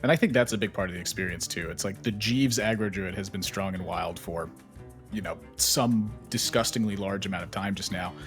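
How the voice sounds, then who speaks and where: A man casting a card game tournament live, chatty and prone to sudden high exclamations. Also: fairly quick, soft background music. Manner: excitable, jumps into high exclamations. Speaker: esports caster.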